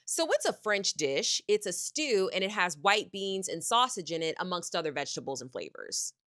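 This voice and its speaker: A woman's voice: on the low side, very animated, normal speed, a bit bright, dry recording, clean studio sound. A young American woman vlogger telling a sassy, profane travel story. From United States. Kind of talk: storytime vlog.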